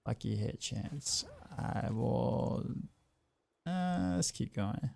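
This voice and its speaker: Gravelly, rambling male game streamer. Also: medium pitch, expressive, very slow, warm tone. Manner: rambling, repeats words, laughs easily. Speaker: game streamer and music teacher. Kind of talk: casual gameplay commentary.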